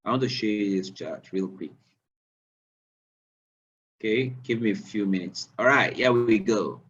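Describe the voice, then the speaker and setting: A man leading a live online sales training, quizzing his listeners with repeated questions and rising with excitement. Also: unhurried, husky, recorded from a distance, highs cut off. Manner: animated, rising pitch when excited.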